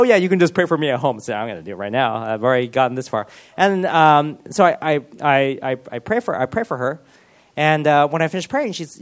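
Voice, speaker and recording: A man preaches with earnest, animated energy, his voice sitting a little higher than most men's. He speeds up in eager bursts and stumbles over restarts as he pushes his point. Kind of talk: sermon.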